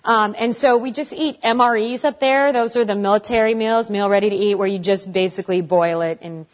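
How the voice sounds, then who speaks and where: A woman in her forties answering audience questions in a casual, animated way, acting out the voices of people she quotes. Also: mid-range voice, a little fast. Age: 40s. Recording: dull lo-fi recording.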